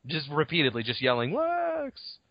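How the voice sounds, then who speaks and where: A podcast co-host talks casually through a novel chapter, his summary rambling, full of swearing and character impressions. He speaks at a moderate pace with a mid-pitched voice, and the home recording is dull and lo-fi, dry with no echo.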